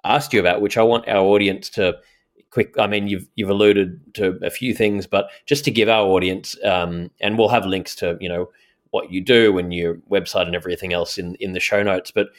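A man's voice: low-pitched, fairly even intonation, moderate pace. A man hosting an interview show, agreeable and a bit hesitant, with many fillers. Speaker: podcast host. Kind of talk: casual conversational interview.

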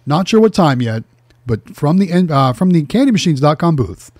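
A man's voice: a little high, sing-song, normal speed, a little mellow, dry recording, studio quality. Upbeat man announcing a giveaway. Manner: upbeat promotional, with throat-clearing and fillers. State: voice problems. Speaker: co-host.

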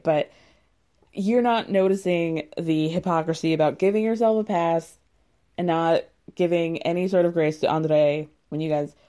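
Low, mellow-voiced woman recapping, chatty. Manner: chatty and sarcastic, heavy use of "like". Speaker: reality show recapper. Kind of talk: casual chat.

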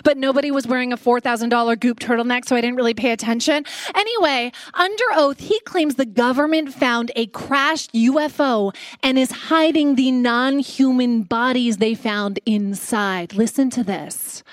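Brash Canadian comic host, high-pitched, dry and close, playing a live crowd. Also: female voice, moderate pace, few pauses, no room sound. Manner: brash, sarcastic, playful. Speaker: podcast host. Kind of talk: live comedy podcast monologue. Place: stage before a live audience.

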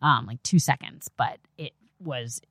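A woman chatting casually as a guest, telling a story in an animated way and acting out what people said. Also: rumbling low, a little slow, slightly rough, no echo, clean studio sound. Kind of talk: casual chat.

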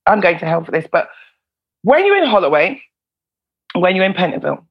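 A woman, a former prison officer and comedian, telling stories in a casual interview, animated and swearing freely. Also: fairly low pitch, a little fast, lo-fi sound. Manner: animated, swears freely, laughs between lines. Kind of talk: casual storytelling in a podcast interview.

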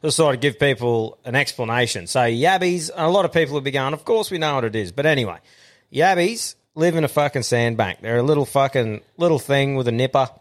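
A man's voice: medium pitch, animated, brisk. Aussie bloke on a podcast, swears a lot and laughs through his yarns. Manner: swears freely, laughs, acts out voices in stories. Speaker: podcast co-host. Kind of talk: crude casual banter.

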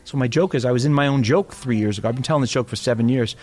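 A middle-aged man from Boston and New York, chatting about innovation and acting out characters as he tells jokes. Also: medium pitch. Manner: animated storyteller, quick, acts out characters. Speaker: speaker on innovation. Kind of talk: casual chat with comic impressions.

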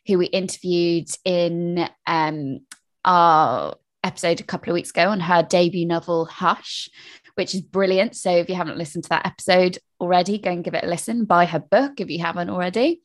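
A woman's voice: fairly low pitch, brisk. Chatty woman podcast co-host. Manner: chatty, animated storytelling with laughs and restarts. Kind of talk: casual chat.

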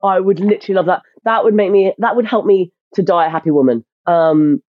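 An actress chatting as a guest in an interview, telling lively stories with lots of restarts. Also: female voice, medium pitch, a little fast, no room sound, phone-quality sound. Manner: animated storyteller, frequent restarts. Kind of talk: casual interview chat.

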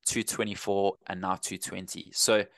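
Low-voiced South African man, easygoing. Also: little pitch movement, moderate pace, gravelly, fairly bright tone, no room sound. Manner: easygoing, rambling with frequent restarts. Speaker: running coach, guest. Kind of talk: casual interview chat.

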